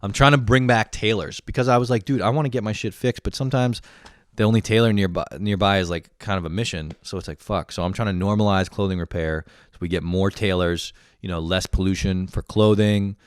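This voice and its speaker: A man's voice: lowish voice, fairly even intonation, a little fast, clear, resonant tone, dry recording. A young man ranting casually to camera, profane and rambling, often laughing at himself. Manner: profane, rambling, self-deprecating. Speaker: vlogger. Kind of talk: casual rant.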